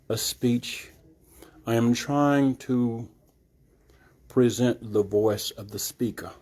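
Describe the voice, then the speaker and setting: Slow, measured older man. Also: mid-range voice, a little mellow. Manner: measured, deliberate, explanatory. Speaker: reverend and retired judge introducing a reading. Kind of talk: live introduction to an audience. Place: art gallery before a live audience.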